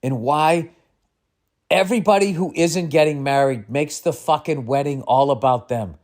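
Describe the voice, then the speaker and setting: A man hosting a comedy advice podcast, ranting with lots of swearing and exasperated outbursts that drop into mutters. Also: on the high side. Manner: swearing, exasperated, swings between loud and muttering. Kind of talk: profane comedic rant.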